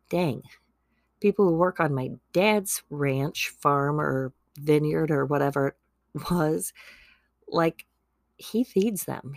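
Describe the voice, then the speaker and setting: Slow, gravelly-voiced woman podcaster. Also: low voice, no room sound, studio quality. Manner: chatty, peppered with "like". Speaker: podcast host. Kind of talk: casual Bible story retelling.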